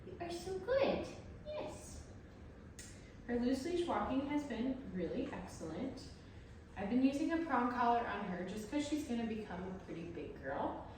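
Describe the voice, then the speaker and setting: Lady dog trainer talking slow and chatty, mic kinda far away, really echoey, faint hiss. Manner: talks to the viewer, breaks off for high praise to the dog. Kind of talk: explaining dog training while working with a dog.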